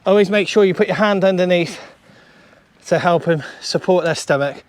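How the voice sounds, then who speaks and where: A British man giving chatty running commentary to viewers while fishing on a beach, excitable and talkative. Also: sits high, normal speed, a little hiss or hum. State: out of breath. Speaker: fishing vlogger and coach. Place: outdoors on a beach. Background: faint outdoor ambience.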